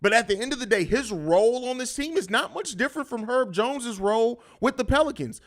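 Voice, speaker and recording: A man's voice: very high-pitched, expressive, fairly quick. A man hosting a live sports podcast, talking bluntly and riffing with plenty of profanity. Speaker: podcast host. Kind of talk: live-stream sports talk.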